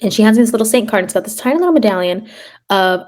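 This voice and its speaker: A woman on a podcast telling a personal story in a casual, animated way, full of fillers and quoting herself. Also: medium pitch, fairly quick. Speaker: guest, third grade teacher.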